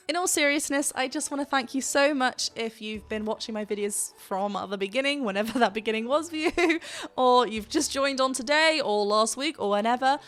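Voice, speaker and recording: A woman's voice: high voice, moderate pace, a bit bright. A woman vocal coach reacting to a song and explaining singing technique in an enthusiastic, explanatory way, laughing often.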